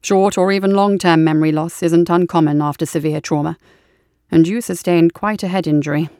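A composed young military doctor from a storybook, speaking calmly and clinically in a lowered, low-pitched voice, as a woman reads his part. The recording is close and dry, with no room sound around the voice. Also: no room sound, lightly acted. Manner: calm, measured, clinical. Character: young male army field surgeon, composed.

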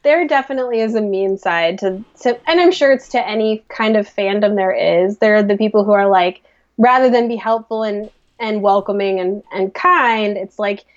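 A woman from the American Midwest with a Midwestern accent, co-hosting a podcast in animated, self-mocking casual chat. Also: mid-range voice, moderate pace, muffled recording. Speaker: podcast co-host.

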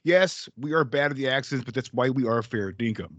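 Fast-talking crude male podcast host. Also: medium pitch, fairly bright tone, no echo, dull audio. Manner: crude, joking banter. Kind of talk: casual chat.

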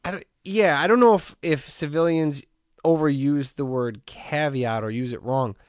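A man hosting a podcast in casual chat, telling stories in a rambling, animated way and laughing often. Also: fairly high pitch, normal speed, dry recording, studio quality. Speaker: podcast host.

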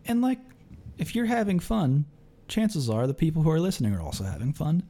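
A man's voice: fairly high pitch, sing-song, fairly quick, warm tone. A man hosting a podcast in a laid-back way, swearing casually and laughing easily. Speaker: podcast host and commentator.

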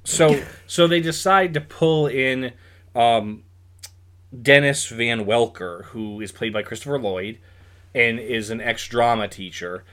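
Mid-pitched man explaining a film plot. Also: slow pace, fairly bright tone. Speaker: podcast co-host. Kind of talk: casual chat reviewing a film.

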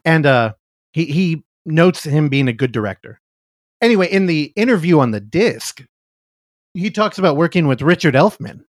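A man's voice: a little high, normal speed, no echo, clean studio sound. A man co-hosting a podcast, retelling a film scene in casual chat, acting out the quotes and swearing freely. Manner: animated storyteller, acts out quotes, swears freely. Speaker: podcast co-host.

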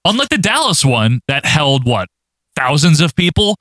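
Animated, bright-voiced man recapping wrestling. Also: a little high, moderate pace, no room sound. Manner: laughs often, playful, animated recapping. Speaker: podcast co-host. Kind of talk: casual wrestling recap chat.

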